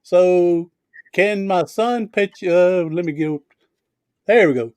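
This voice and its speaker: A man's voice: sits high, takes it slowly, a little mellow, clear, resonant tone, dry recording. A man hosting a casual video chat, telling stories in a chatty, easygoing way. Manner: storytelling, chatty, laughs easily. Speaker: host.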